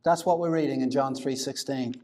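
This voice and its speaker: A male pastor preaching a sermon, deliberate and emphatic, slowing down to stress key words. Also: medium pitch, fairly even intonation, a little mellow.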